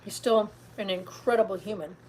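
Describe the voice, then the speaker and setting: A woman's voice: medium pitch, fairly even intonation, moderate pace, darkish tone, slight background noise, rough recording. A middle-aged woman vlogging in a casual, rambling chat, tired and full of fillers, talking from a car.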